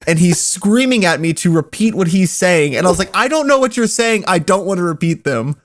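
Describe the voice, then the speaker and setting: A young man with a fairly high voice tells a story at a casual pace, laughing often as he goes. He's a podcast co-host chatting with friends. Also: fairly quick. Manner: laughs often, animated retelling.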